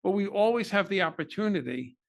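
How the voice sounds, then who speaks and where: Man, slightly higher voice, heartfelt storyteller, candid interview guest. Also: lively intonation, fairly quick, gravelly. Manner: earnest, emotional personal storytelling. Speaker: podcast guest.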